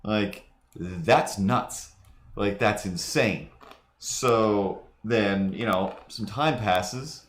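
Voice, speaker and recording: Low-voiced man rambling on a stream. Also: very slow, reverberant. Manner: rambling, digressive storyteller. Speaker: livestream host. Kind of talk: casual livestream chat while drawing.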